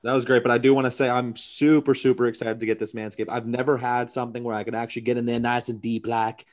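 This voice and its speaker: A man's voice: medium pitch, level tone, fast. A man co-hosting a podcast, bantering loosely and rambling with jokes among friends. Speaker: podcast co-host.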